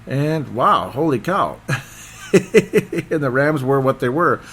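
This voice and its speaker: Rambling, excitable football podcast man. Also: medium pitch, takes it slowly, husky. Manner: rambling, excitable, loses his train of thought. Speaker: sports podcast host. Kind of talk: casual football recap.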